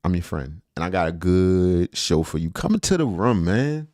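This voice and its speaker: A middle-aged man hosts a live stream and talks loosely to his chat, joking, laughing and swearing as he goes. His pitch jumps around a lot, and the sound is dry and close to a desk mic. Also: very animated, normal speed, darkish tone, dry recording.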